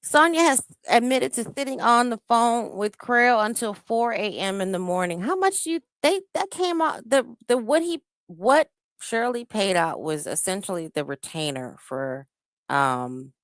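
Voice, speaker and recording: A woman's voice: on the high side, animated, a little slow, dry recording, studio quality. A woman hosting a live-stream reaction, talking casually and bluntly, cussing and greeting viewers in the chat.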